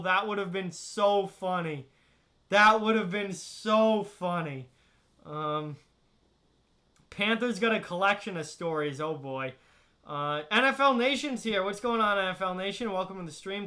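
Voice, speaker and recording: A young man hosting a casual live stream, telling animated high school stories and reading chat messages aloud.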